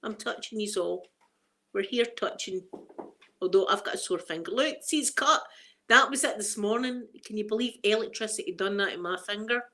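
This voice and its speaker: Middle-aged Scottish woman, rambling storyteller, casual live chat host, mid-pitched, easy laughter. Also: normal speed, pushed and bright. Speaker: livestream host.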